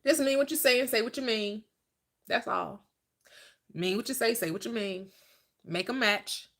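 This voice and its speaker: A woman teaches manifestation in a fairly bright, slightly high voice at a moderate pace. Like a preacher, this spiritual teacher repeats herself emphatically and answers the very questions she asks.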